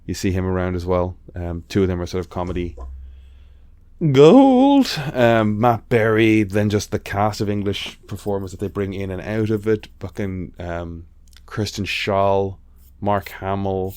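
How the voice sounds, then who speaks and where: A man co-hosting a podcast chats casually and rambles, full of fillers and swearing. His voice sits low and level at a normal speed, a little mellow and smooth, with no room sound.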